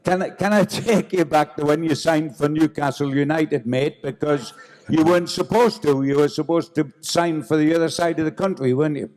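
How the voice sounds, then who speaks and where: A man's voice: on the high side, moderate pace, a little mellow, long reverb tail. A man hosting a live theatre event, introducing a guest and asking him questions. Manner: announcer-style build-up. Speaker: event host. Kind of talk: stage introduction and interview. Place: theatre stage.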